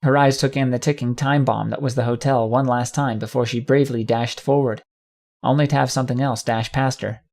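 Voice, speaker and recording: A man reading a first-person fan fiction audiobook with steady, dramatic storytelling. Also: mid-range voice, a little fast, vocal fry. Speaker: audiobook narrator.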